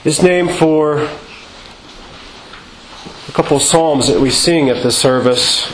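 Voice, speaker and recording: A man's voice: fairly high pitch, a little hiss or hum. Man preaching a sermon in an echoey church. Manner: measured, rhetorical questions, chants quoted refrains. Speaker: Orthodox priest. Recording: echoey church with faint ambience.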